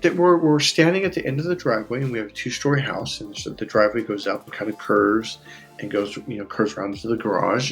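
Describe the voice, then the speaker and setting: A man's voice: mid-range voice, gravelly. Emotional man rambling, close to tears. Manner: rambling, emotional, with frequent restarts and laughs. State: on the verge of tears. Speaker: life coach. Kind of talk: casual personal monologue.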